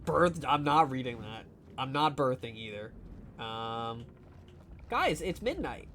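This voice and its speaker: A man's voice: mid-range voice, very animated, slow pace, fairly bright tone, slight background noise. A man streaming a game live, chatting casually in a rambling, profane, teasing way full of fillers. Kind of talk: casual live gameplay chat.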